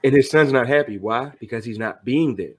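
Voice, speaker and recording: Middle-aged guy on a podcast, earnest and fired up, slangy, normal pitch. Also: fairly quick. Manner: earnest, motivational, conversational slang. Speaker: podcast guest. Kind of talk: casual podcast conversation.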